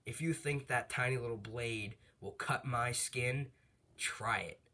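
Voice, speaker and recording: A vengeful fallen angel father, quick to taunt and slow to forgive, voiced by a man retelling a fan story. The voice is husky, plain and conversational rather than theatrical. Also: medium pitch, pushed and bright. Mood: mocking. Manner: taunting, scornful.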